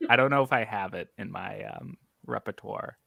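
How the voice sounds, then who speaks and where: A man's voice: lowish voice, moderate pace, gravelly, a bit bright, no echo, studio quality. A man co-hosting a casual reading stream, chatting playfully and laughing often. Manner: playful, laughs often, does joke impressions. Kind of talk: casual chat.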